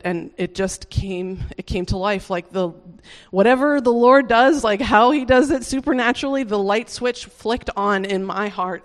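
Recounting how they converted, this speaker sounds casual and sincere but hesitant, full of restarts, "like" fillers, and gentle laughter. Their pitch is medium, and the recording carries a long reverb tail.

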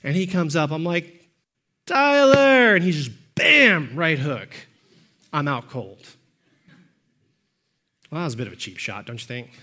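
Preaching as a pastor, this man hammers key points until he is shouting, then shifts down into brisk, understated stories.

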